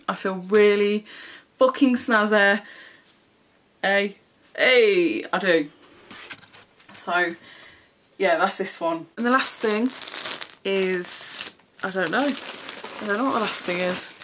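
A woman's voice: medium pitch, measured pace, pauses often, fairly bright tone, slight background noise. A woman chatting frankly through a clothing try-on haul, swearing freely and often slightly out of breath. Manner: chatty, frank and swearing, with frequent "do you know what I mean". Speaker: fashion vlogger.

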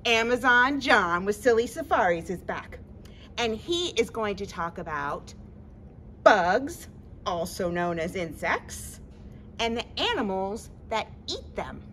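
Sing-song, bright-voiced woman story-time host. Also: mid-range voice, a little hiss or hum. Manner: sing-song, exaggerated and playful for kids. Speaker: children's librarian host. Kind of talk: children's story-time presenting. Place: empty library, indoors.

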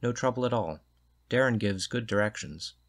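A man's voice: on the low side, animated, moderate pace. A man voicing a polite, slightly unsure young woman scientist.

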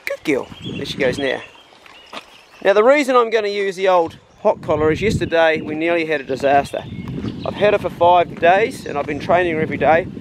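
Male dog trainer, fairly high voice, relaxed and talkative outdoors, faint background noise, breaks into high calls to the dog. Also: a little fast. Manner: chatty, explaining as he goes. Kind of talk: casual outdoor training demo. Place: outdoors on rural land.

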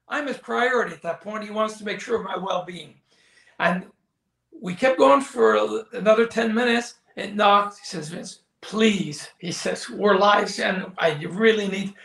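A man's voice: sits high, vocal fry, fairly bright tone. An older man, a former wrestling commentator, telling stories in a candid interview, acting out quoted dialogue and often saying "you know.". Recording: echoey room.

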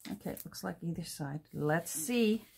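A woman's voice: lowish voice, lively intonation, moderate pace, creaky, darkish tone, husky. A middle-aged woman chatting casually and rambling while she crafts at home, with many restarts and ums. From Canada. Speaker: crafting vlogger. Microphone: camera mic at a work table.

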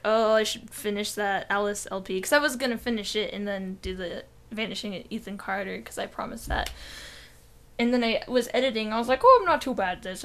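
A young woman co-hosting a podcast, telling a rambling story in casual chat, full of "like" and swearing. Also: mid-range voice. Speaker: podcast co-host.

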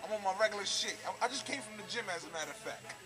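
Brash high-voiced man trash-talking. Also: lively intonation, very fast, low-quality recording. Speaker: featured guest boasting on camera. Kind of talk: profane street boasting to camera. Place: outdoors in front of his building. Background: music.

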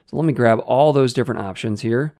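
Man calmly walking through code. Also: medium pitch, fast talker, no echo, studio quality. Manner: steady step-by-step explaining. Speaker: web development tutor. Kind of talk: screen-recorded coding tutorial.

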